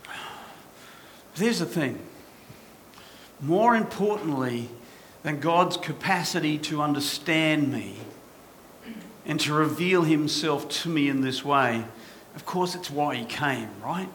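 A male pastor delivers a sermon with a bright, forceful voice pitched a little high. He preaches with passion, often asking the congregation questions. A faint hiss of noise sits behind him. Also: animated, takes it slowly, long pauses. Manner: impassioned, rhetorical questions to the congregation.

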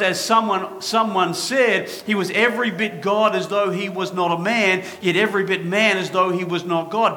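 A man's voice: high-pitched, pushed and bright. A man preaching a sermon as pastor, passionate and full of rhetorical questions to his congregation.

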